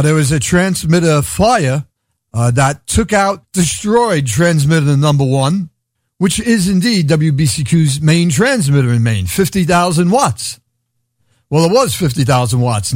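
A man's voice: on the high side, lively intonation, measured pace, no room sound, studio quality. A man with a Brooklyn accent hosting a radio show, rambling sardonically and laughing at his own jokes. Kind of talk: irreverent comedic radio monologue.

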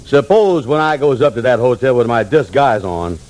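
An actor playing a slow, gullible man in a radio sitcom, drawling and throwing in fake posh phrases. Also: mid-range voice, lively intonation, a little mellow, close to an everyday voice, rough recording. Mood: worried. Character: slow, gullible good-natured man in disguise. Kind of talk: 1950s radio sitcom acting.

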